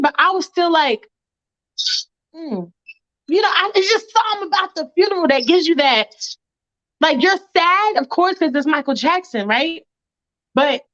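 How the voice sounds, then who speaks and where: A woman chatting casually on a podcast, telling stories with lively acted-out reactions. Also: extremely high pitch, dry recording. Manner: animated storytelling, acts out her own reactions. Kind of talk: casual chat. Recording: muffled lo-fi audio.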